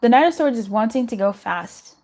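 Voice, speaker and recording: A woman's voice: on the high side, expressive, fairly quick, a little mellow. A young woman doing a live tarot reading in a chatty, reassuring way, giggling and swearing now and then. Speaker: tarot reader.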